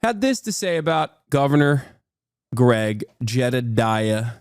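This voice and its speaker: A man's voice: medium pitch, very animated, takes it slowly, a little mellow, clean tone, no echo, clean studio sound. A man in his thirties hosting a stream, giving heated, sarcastic political commentary and reacting to chat. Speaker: streamer host.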